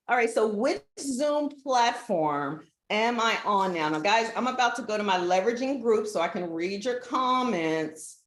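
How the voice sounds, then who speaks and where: Lady live streaming from her aunts house, rambly and laughy, mid pitch, bit of room echo. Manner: chatty, laughing, easily sidetracked. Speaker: livestream host. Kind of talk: casual live stream chat. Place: relative's house.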